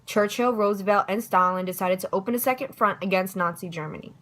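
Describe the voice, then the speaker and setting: Young woman doing a casual history review, bright voice, chatty, trips over words sometimes. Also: mid-range voice, fast, rough recording. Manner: chatty and self-deprecating, stumbles over words. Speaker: student giving a history review.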